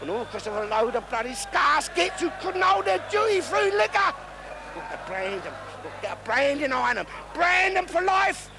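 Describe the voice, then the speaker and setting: A man playing a crude, bigoted old Cockney woman who rants in a shrill voice. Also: sing-song, moderate pace, vocal fry, full character voice. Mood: furious. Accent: London Cockney. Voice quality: shrill, ranting, coarse. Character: crude London-accented old woman, loud bigoted royal caricature. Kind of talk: comic sketch impression. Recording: noisy old broadcast recording.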